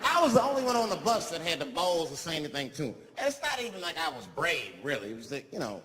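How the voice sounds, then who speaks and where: A male stand-up comedian telling a profane, conversational story, swinging between low mutters and sudden outbursts. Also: big pitch swings, fast talker. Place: live comedy venue. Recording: live stage mic, crowd noise. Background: audience laughter and noise.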